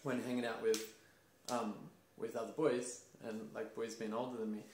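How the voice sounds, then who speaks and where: A man's voice: mid-range voice, normal speed, slight background noise. A young man hosting a casual talk, telling stories with energy and acting out other voices. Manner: animated storytelling, acts out voices and laughs. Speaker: host. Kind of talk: casual conversation about masculinity. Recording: roomy echo.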